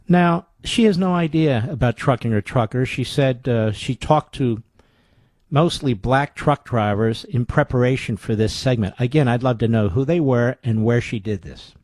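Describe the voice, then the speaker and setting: A man with a mid-range, slightly mellow voice talks at a normal pace, hosting a talk radio show. He delivers an indignant monologue, ranting sarcastically through rhetorical questions. The studio sound is clean, with no echo.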